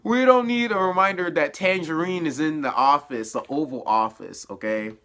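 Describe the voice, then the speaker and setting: A man casually recapping a show episode in a spoiler review, animated and laughing, his voice dropping to low mutters and then jumping up in excited bursts. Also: moderate pace. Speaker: TV review vlogger.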